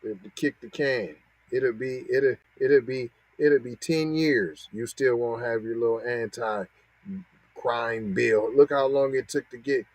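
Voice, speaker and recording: Slow, sardonic man. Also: medium pitch, dry recording, poor audio. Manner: sardonic, mocking, repetitive. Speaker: podcast host. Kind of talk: reaction commentary on news clips.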